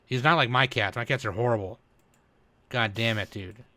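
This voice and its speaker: A man's voice: mid-range voice, moderate pace, bright, forceful tone, no echo. A man on a podcast chatting casually about anime, rambling and swearing as he goes. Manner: rambling, profane, laughing. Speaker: podcast host. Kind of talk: casual chat.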